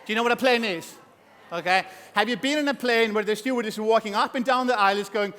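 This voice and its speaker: Lively man on stage in an echoing hall. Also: high-pitched, fast. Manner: energetic, joking, asks the audience questions. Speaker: motivational speaker. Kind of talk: motivational talk on stage. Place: event hall. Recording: long hall reverb.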